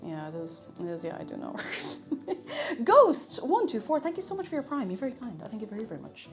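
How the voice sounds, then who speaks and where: A woman's voice: on the high side, huge pitch swings, fairly quick, faint music behind. A woman with an Irish accent chatting casually on a live stream while cooking, reading chat aloud and laughing often. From Ireland.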